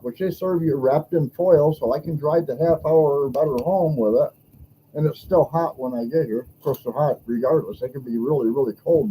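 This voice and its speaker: A man tells a story in a blunt, complaining, casual rant, acting out both sides of each exchange. His voice sits a bit high for a man but sounds mellow and soft-edged. A faint steady hum runs under the recording. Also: rough recording. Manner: aggrieved, blunt, acts out dialogue. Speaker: podcast host.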